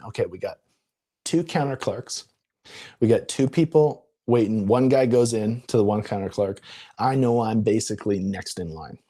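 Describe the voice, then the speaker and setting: Husky man telling an animated story. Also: lowish voice. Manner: animated, laughing, jumps into quoted voices. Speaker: coach. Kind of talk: casual storytelling on a live video. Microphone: live-stream setup.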